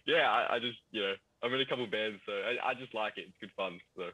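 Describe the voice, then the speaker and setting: A young Australian actor chats easily as a guest in a casual TV interview, speaking fast in a lowish voice with an Australian accent. He's easygoing, laughs often and uses relaxed fillers; the recording is low quality with no echo.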